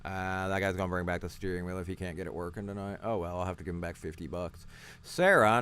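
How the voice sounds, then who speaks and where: A man with a somewhat low voice gives casual live-stream commentary, blunt and full of swearing. He talks from outdoors on a porch and comments on the clips as they play. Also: steady tone, fairly quick, fairly bright tone, smooth. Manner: profane, blunt and sarcastic. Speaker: streamer reacting to videos.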